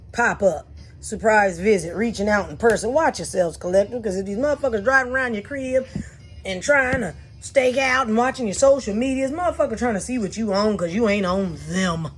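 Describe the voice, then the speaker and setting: A woman doing a blunt, profane tarot reading for her viewers, talking animated and fired up. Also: a little high. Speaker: tarot reader.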